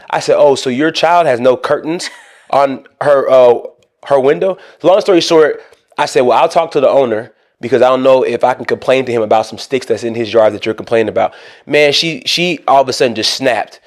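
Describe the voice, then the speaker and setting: A man co-hosting a podcast, telling a long story in a casual, animated way and acting out both sides of an argument. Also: fairly high pitch, quick pace. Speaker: co-host.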